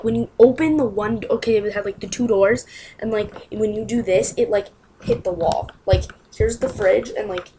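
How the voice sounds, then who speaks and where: A woman's voice: medium pitch, slight background noise, low-quality recording. A young woman telling a personal story to camera in a casual, rambling way, with lots of "like" and exasperated asides. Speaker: vlogger.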